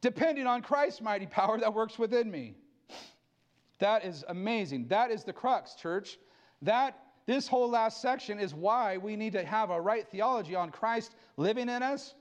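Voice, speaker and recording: High-voiced man preaching a sermon. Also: muffled recording. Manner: fervent preaching with sudden drops to quiet asides. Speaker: pastor.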